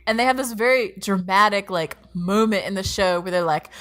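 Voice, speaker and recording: A woman's voice: medium pitch, moderate pace, hardly any pauses, fairly bright tone. A woman co-hosting a podcast, recapping anime episodes in casual chat, laughing often, swearing freely and padding her talk with fillers. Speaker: podcast co-host.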